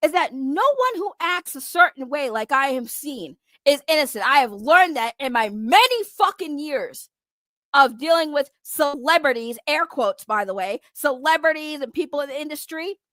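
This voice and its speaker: A woman's voice: sits high, animated, normal speed, a bit bright, no echo, studio quality. A woman giving a heated, profane, confrontational rant to camera, repeating her points for emphasis. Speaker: online commentator. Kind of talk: heated ranting vlog.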